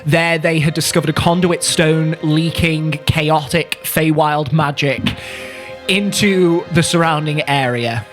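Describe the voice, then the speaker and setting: A man's voice: fairly high pitch, fairly even intonation, a little slow, a bit bright, soft background music. A man, hosting a tabletop game as game master and narrating the story with playful humor. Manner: playful, jokey.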